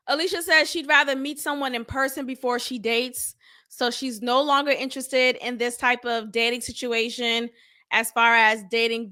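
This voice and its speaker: A woman hosting her own podcast, recapping a reality show episode in a blunt, animated, slangy way and laughing often. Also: high-pitched. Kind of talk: casual recap commentary.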